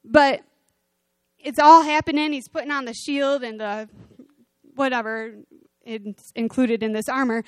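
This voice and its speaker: A woman preaching a sermon, conversational and animated as she retells scripture. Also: high-pitched, a little slow, long pauses, dry recording.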